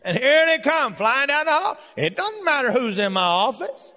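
An older man preaching a sermon as pastor, fervent and rising to shouts. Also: very high voice, big pitch swings, moderate pace. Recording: long hall reverb.

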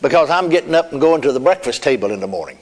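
A man's voice: on the high side, animated, racing. Folksy preacher man in a reverberant hall. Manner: folksy storytelling with chuckles and "amen". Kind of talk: sermon testimony.

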